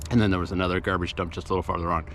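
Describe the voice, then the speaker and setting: Deep-voiced man vlogging outdoors. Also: level tone, rapid-fire, fairly bright tone, a little hiss or hum. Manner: rambling, matter-of-fact, with many fillers and restarts. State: out of breath after a hill climb. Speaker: volunteer litter picker and channel host. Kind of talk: casual vlog narration. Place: outdoors in woods and by a roadside.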